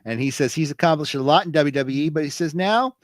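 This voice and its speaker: A man's voice: fairly high pitch, fast, no echo. A man co-hosting a wrestling podcast, telling stories in a loose, rambling way with lots of fillers and restarts. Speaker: podcast co-host. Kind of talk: casual wrestling recap chat.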